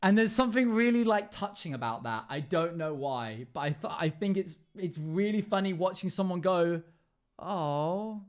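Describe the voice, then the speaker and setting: A man's voice: high-pitched, lively intonation, moderate pace, few pauses. A young man livestreaming casually, chatting with viewers, laughing often and humming to himself. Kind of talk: casual chat with live chat while gaming.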